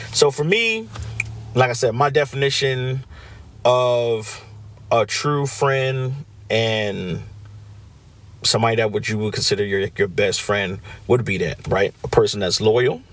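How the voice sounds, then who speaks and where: A man hosting a podcast, talking casually on his own, often checking in with "right?" and acting out what friends say. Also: fairly low pitch. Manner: conversational, frequent "right?" check-ins, acts out quoted friends. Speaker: podcast host. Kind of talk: casual solo podcast talk.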